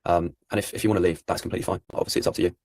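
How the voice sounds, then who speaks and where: Young man in his twenties, low husky voice, dry close sound, persistent sales closer. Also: very fast, no echo. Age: 20s. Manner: calm, persistent, keeps turning answers into questions. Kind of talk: sales call conversation.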